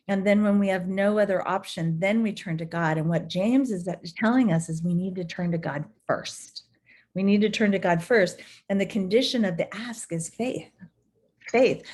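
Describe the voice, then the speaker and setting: A woman teaching a devotional Bible study who tells the scripture stories with animated, storytelling energy. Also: mid-range voice.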